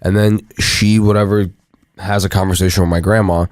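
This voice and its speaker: A man's voice: deep voice, level tone, brisk, darkish tone, dry recording. A man co-hosting a podcast, telling stories in a laid-back, chuckling way. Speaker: podcast co-host. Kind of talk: casual storytelling.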